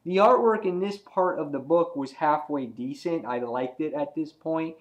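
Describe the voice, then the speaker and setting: A man giving a casual, excitable comic book review, rambling with lots of "he's like" asides. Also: fairly high pitch, normal speed.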